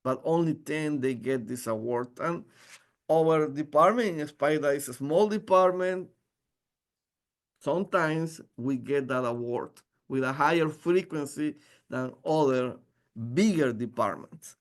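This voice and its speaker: A man presenting his engineering department as a faculty member, earnest and halting with frequent restarts. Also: fairly high pitch. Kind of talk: informational presentation.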